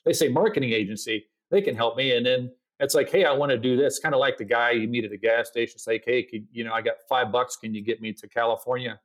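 A man's voice: medium pitch, quick pace, hardly any pauses. A middle-aged man, a podcast guest, telling a story in casual interview talk and acting out his own quoted lines. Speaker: podcast guest, agency founder.

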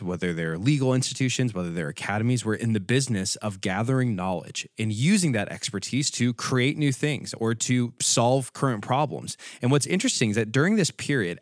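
A man's voice: mid-range voice, no echo, studio quality. A man co-hosting a podcast, explaining history in a conversational way and laughing easily between points. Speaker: podcast co-host.

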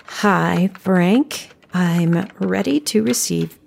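A woman's voice: lowish voice, lively intonation, drawn-out words, creaky, a little mellow, a little hiss or hum, heavily acted. An actress playing a wry, scheming young female hacker who mutters dry asides to herself. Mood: impatient.

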